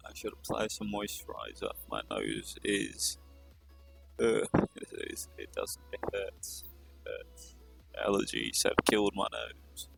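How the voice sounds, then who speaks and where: A man's voice: lowish voice, sing-song, unhurried, vocal fry, a bit bright, breathy edge, faint music behind. A male streamer chatting casually on a live stream, tired and rambling in a self-deprecating way.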